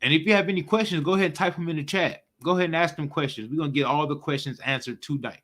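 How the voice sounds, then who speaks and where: A man with a high, bright voice preaches rapid-fire in street slang while leading a live-streamed scripture class. His casual commentary is animated, and he keeps repeating "you know what I'm talking about."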